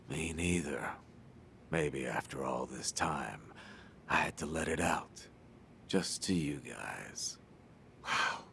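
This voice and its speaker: A gravelly weary ex-yakuza. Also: male voice, a little hiss or hum, full character voice. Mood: dry. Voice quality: gravelly, very deep. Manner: slow, terse, deadpan confession. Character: gruff weary older male ex-yakuza. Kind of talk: video game voice acting.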